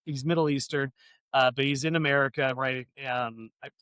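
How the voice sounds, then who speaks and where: A man's voice: mid-range voice, fairly even intonation, moderate pace, fairly bright tone, clear, resonant tone, no room sound. A man co-hosting a casual podcast chat, rambling, swearing a lot and getting fired up. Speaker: podcast co-host.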